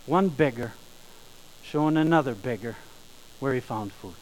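A man preaching a sermon, emphatic, slowing down and rising in volume on key phrases. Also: medium pitch, animated, darkish tone, slight background noise, low-quality recording. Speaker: pastor.

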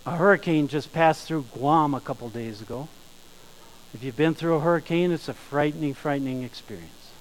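A man preaching a sermon, emphatic, slowing down and rising in volume on key phrases. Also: medium pitch, poor audio. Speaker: pastor.

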